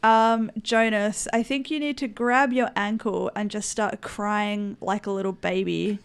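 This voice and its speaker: A woman's voice: medium pitch, steady tone, measured pace, creaky, clear, resonant tone. A woman playing in a tabletop game, chatting playfully and giggling often. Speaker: player, guest. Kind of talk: casual tabletop game play.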